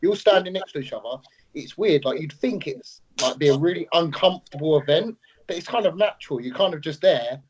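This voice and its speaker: Male co-host, slightly high voice, blunt sweary banter. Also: lively intonation, fairly quick, a little mellow, breathy edge. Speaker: podcast co-host. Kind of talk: casual chat.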